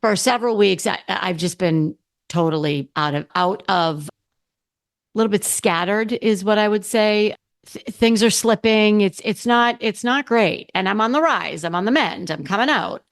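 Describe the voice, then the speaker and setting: Hosting her podcast solo, this middle-aged woman speaks with a medium pitch at a measured pace. She's candid and casual, wandering through her thoughts and frequently starting over or fixing what she just said.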